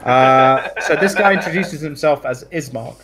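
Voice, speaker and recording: A man narrating a tabletop game as dungeon master, relaxed and descriptive with small fillers. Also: fairly high pitch, moderate pace, crowd noise, low-quality recording.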